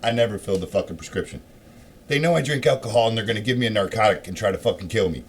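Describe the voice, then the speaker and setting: A middle-aged man telling a rambling, profane story in a casual rant, swearing often and getting louder and more worked up as he goes. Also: fairly low pitch, expressive, rapid-fire. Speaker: show host.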